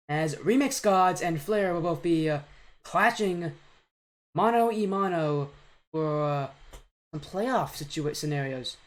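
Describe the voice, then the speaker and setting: A man hosting and casting an esports match on a live stream, upbeat and joking at his own expense, talking into a home mic on a voice call. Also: fairly high pitch. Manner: upbeat, joking, self-mocking. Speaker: esports caster and host. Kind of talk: live game commentary on a stream.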